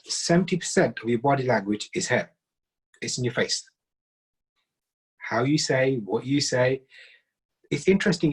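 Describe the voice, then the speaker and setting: Husky man giving a seminar talk. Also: medium pitch, poor audio. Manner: earnest, emphatic, listing points in short phrases. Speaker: relationship seminar speaker.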